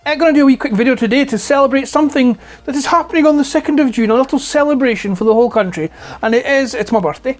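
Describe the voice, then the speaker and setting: A man in his forties with a Scottish accent, chatting casually to camera about toys at home on a clip-on mic, his voice hoarse and close to breaking, rambling and swearing freely. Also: extremely high pitch, racing. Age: 40s. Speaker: toy collector vlogger. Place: at home indoors. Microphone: clip-on lapel mic.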